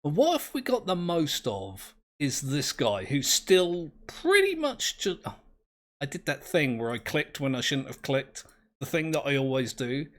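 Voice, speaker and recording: A man's voice: fairly high pitch, very animated, a little slow. A man, commentating his own game play in a rambling, self-mocking, easily amused way. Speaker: gameplay commentator.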